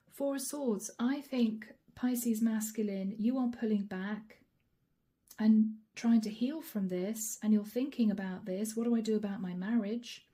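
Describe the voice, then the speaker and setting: Hoarse, raspy woman reading tarot. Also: a little high, fairly even intonation, measured pace. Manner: soft-spoken with whispered asides. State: hoarse, voice fading. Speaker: tarot card reader.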